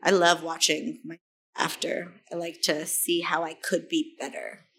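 A young woman, an actress, chatting as an interview guest in an animated way, saying "like" a lot and acting out voices. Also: deep voice, a little slow, vocal fry, breathy edge. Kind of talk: casual interview chat.

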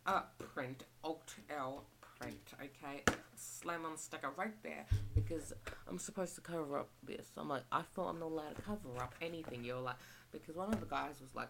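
A young Australian woman rambles on about her retail job in a relaxed, chatty way, now and then slipping into the voices of customers and coworkers. Her voice sits low and has a gravelly fry. Steady hiss runs under the home recording. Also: brisk. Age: young adult. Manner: rambling, chatty, acts out shop exchanges. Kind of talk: casual rant vlog.

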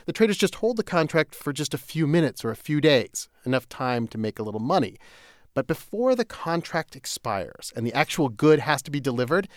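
A man co-hosting a podcast, explaining finance in a lively, animated way that often breaks into laughter. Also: fairly high pitch, a little fast, no echo, studio quality. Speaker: podcast co-host, economics reporter. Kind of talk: casual chat, scripted explainer.

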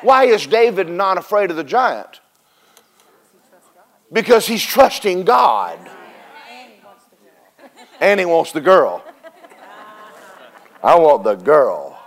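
High-voiced man preaching a lively sermon. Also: takes it slowly, long pauses. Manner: animated, preaching with call-and-response and acted Bible voices. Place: church service with congregation responding.

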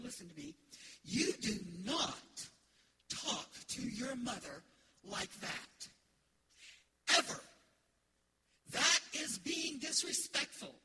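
A woman's voice: a little high, noisy background. A woman playing a stern military dad. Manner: slow, firm, commanding. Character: stern military father scolding daughters.

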